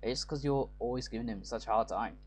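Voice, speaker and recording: A man voicing a harsh, gruff older male dwarf guardian in a mock Celtic brogue, stern and scolding. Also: mid-range voice, brisk, a little mellow, natural voice. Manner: stern, scolding, then pleading.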